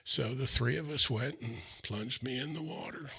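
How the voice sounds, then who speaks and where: Man, interview guest, earnest storytelling, sharp tense tone, husky. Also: medium pitch. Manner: halting, repeats words and restarts, uh fillers. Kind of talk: personal storytelling in a sit-down chat.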